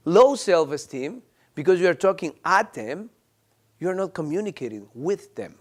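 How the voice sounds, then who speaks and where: A man's voice: high voice, big pitch swings, normal speed. A man teaching a parenting class, explaining ideas and acting out little dialogues between a parent and a child. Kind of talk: explanatory talk to camera.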